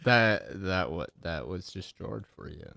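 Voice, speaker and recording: Man, very low voice, dry close sound, rambling casual storytelling. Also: expressive, unhurried, creaky, bright, forceful tone, no room sound. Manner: rambling anecdotes with restarts. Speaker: podcast co-host.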